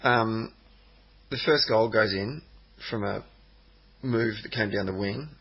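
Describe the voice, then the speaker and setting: A man's voice: on the low side, slow pace, husky. A man co-hosting a football podcast, rambling casually with plenty of ums and hesitations. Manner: rambling, hesitant, many ums, animated when telling stories. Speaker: podcast co-host. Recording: dull lo-fi podcast audio.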